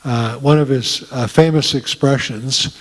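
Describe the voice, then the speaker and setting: An older man, a retired Marine officer, telling folksy stories to a room with many pauses and fillers. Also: medium pitch. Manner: folksy storytelling, frequent "uh" pauses. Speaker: guest speaker. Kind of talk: casual talk to an audience. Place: meeting room. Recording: reverberant hall.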